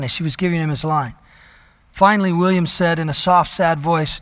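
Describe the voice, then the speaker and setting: A man preaching a sermon, telling a story and slowing down to stress key words. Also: on the high side, steady tone, fairly bright tone, big-room sound. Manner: storytelling preacher, slows down for emphasis. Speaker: pastor.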